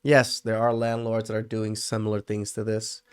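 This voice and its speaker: A man's voice: lowish voice, completely flat delivery, normal speed, smooth, no echo. A male podcast host reacting to clips with sarcastic interjections. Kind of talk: reaction commentary.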